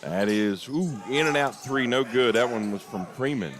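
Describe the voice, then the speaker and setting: A young man calling a basketball game play-by-play, openly partisan and quick to get worked up over big plays and missed calls. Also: medium pitch. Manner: excitable, rises sharply on big plays and disputed calls; openly partisan, admits getting emotional. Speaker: play-by-play announcer. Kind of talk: live basketball commentary.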